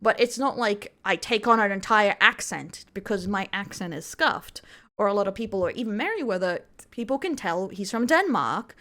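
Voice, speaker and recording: A woman's voice: mid-range voice, expressive, moderate pace, a bit bright. Skeptical Australian woman commentator. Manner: skeptical, critical. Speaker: vtuber news commentator. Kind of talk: commentary over clips.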